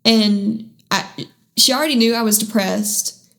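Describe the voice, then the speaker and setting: A woman hosting a podcast, sharing her personal faith testimony at home in a candid, halting way, with many restarts and self-deprecating asides. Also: fairly high pitch, gravelly, a bit bright. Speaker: podcast host.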